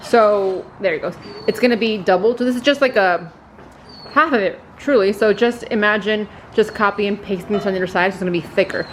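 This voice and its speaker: A young woman vlogs casually from home, bubbly and quick to gush about what she is making. Her voice sits at an average pitch. The home video sound carries steady background noise. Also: low-quality recording. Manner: bubbly, giggly, gushing. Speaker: vlogger. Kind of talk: casual DIY vlog chat.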